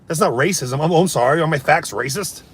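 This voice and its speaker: A man's voice: fairly high pitch, brisk, a bit bright, husky. A man live streaming, ranting casually and mocking his chat in a brash, swearing way. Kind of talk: casual comedic rant.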